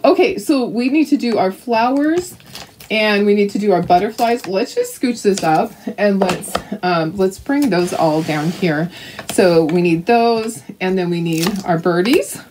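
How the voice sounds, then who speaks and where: An older Canadian woman paints craft kits on a livestream and chats casually with viewers, often laughing and restarting her sentences. Her mid-range voice is unhurried and darkish in tone, with lively intonation and a little background hiss or hum.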